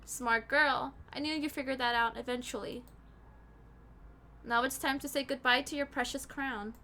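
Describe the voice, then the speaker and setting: A scheming witch speaks in a hushed, silky murmur, as a woman puts her on. She sounds smug and taunting, pitched lower and quieter than the reader's usual high, bright voice. Every line drips with calm mockery. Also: normal speed, slight background noise.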